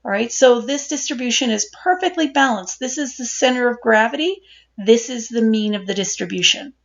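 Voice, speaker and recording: A woman with a fairly high voice lectures on statistics in a patient, explanatory way, often checking in with her listeners. The recording sounds dull and lo-fi. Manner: explanatory, asks "right?" and repeats points. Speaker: statistics instructor.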